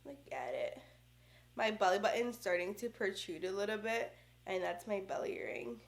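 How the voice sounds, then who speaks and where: Talking casually to a close-up camera, a young vlogger shares heartfelt thoughts on being pregnant for the first time, using plenty of fillers. She has a creaky, expressive, medium-pitched voice at a normal pace, and the recording carries a roomy echo.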